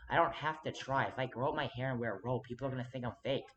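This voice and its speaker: Man of average pitch for an earnest, meandering to-camera rant, with a light hiss underneath. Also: rapid-fire, muffled recording. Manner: rambling, restless, frequent restarts and sudden emphatic jumps; earnest, insistent, addresses viewer directly. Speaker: vlogger. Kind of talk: rambling to-camera monologue.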